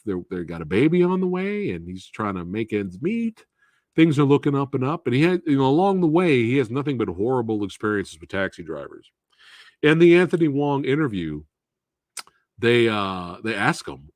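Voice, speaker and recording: A man hosting a casual live film review, animated, profane and laughing often. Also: medium pitch, moderate pace, no room sound, clean studio sound. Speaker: movie reviewer and host.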